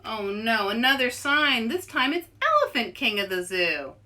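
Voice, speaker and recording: A woman author leading an interactive storybook read-aloud for children, playful and animated, inviting listeners to join in. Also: on the high side, normal speed.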